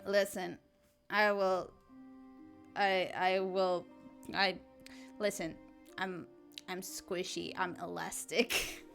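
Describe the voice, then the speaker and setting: A woman's voice: on the low side, flat delivery, takes it slowly, vocal fry, pauses often, a bit bright, faint music behind. A woman chatting casually on a live art stream, giggling often as she playfully answers chat while she draws.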